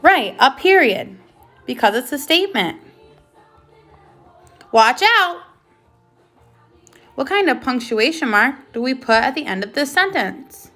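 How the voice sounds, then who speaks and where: A woman's voice: high voice, big pitch swings, normal speed, pushed and bright, faint music behind. A woman teaching a first grade lesson on video, who asks the children questions, waits, and then confirms the answers patiently.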